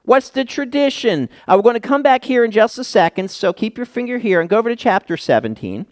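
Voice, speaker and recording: A man's voice: very high voice, lively intonation, brisk, dry recording, studio quality. A middle-aged male pastor preaching a sermon, emphatic, asking the congregation questions.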